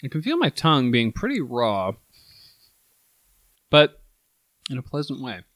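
A laid-back man tasting candy with a friend in casual chat. He has a mid-pitched voice and drops dry little jokes. The recording is close and dry. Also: wildly swooping pitch, a little slow, fairly bright tone, dry recording.

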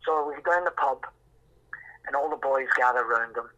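A man in his sixties, a musician telling a lively story and acting out voices in the quotes. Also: medium pitch, fairly quick, lo-fi sound. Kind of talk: anecdotal storytelling.

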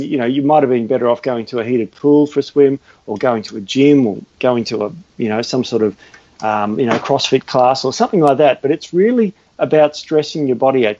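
An Australian man in easy explanatory chat, earnest and talkative, stumbling and restarting as he goes. His voice sits at an ordinary pitch in a very dry, close sound. The recording is a little dull and lo-fi. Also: warm tone, no room sound. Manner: chatty, restarts often, earnest. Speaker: health and fitness guest expert.

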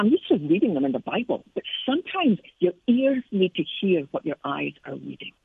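Lowish, gravelly and husky, this middle-aged Scottish woman's voice comes through a tinny phone line in a dry recording. A Christian author and speaker appearing as a guest, she tells earnest, reflective personal stories about faith.

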